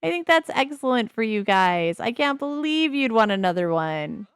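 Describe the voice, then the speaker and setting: A woman's voice: fairly high pitch, expressive, moderate pace, smooth, no echo, faint music behind. A middle-aged woman casually commenting on a life-simulation game, chatty and wry, laughing often and slipping into character voices. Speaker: let's play host.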